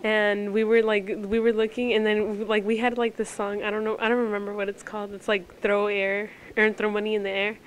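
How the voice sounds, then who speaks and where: A woman's voice: mid-range voice, little pitch movement, fairly quick, few pauses, slight background noise. A teenage girl telling rambling memories of a friend at a memorial, full of "like" and fillers. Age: teens. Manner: rambling, lots of "like", anecdotal. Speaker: classmate sharing a memory. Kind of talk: memorial tribute.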